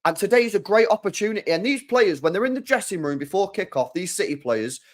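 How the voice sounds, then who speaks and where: Emphatic young man, fairly high voice. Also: lively intonation, fast. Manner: emphatic, repeats his points. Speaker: host. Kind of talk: live football watchalong chat.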